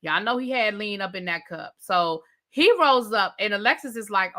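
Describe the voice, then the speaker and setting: A woman hosting a live review, retelling scenes in a lively way and mimicking the people she describes. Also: medium pitch, normal speed, few pauses. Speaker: TV review channel host. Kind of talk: live rant and recap of a reality show.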